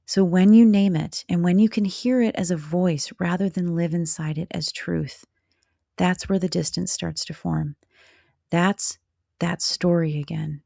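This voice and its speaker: Low, gravelly-voiced woman podcaster. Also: fairly even intonation, unhurried, warm tone, dry recording, clean studio sound. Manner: candid, motherly and direct, with blunt asides. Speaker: podcast host. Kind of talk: reflective podcast monologue addressed to the listener.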